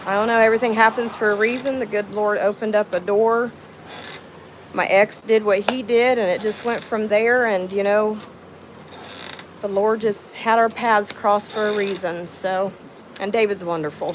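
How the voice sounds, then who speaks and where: A middle-aged woman with a thick Southern drawl talks casually into her phone during a home livestream. She sounds a little nervous, stops often to greet viewers by name and answer their comments, and has a soft hiss of noise behind her. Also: medium pitch. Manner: chatty, nervous, thanks viewers warmly by name. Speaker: livestream host. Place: home, near a window with birds outside.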